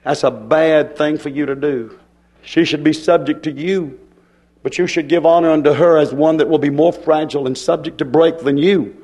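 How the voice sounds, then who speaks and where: High-voiced impassioned preacher man. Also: steady tone, normal speed, breathy edge. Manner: folksy, impassioned, swings from shouting to quiet. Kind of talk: fiery sermon.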